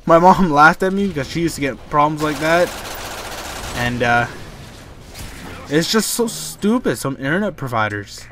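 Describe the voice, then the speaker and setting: A man's voice: on the high side, lively intonation, moderate pace, long pauses, noisy background. A young man from Canada, telling a rambling, exasperated story over gameplay commentary. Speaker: gaming YouTuber.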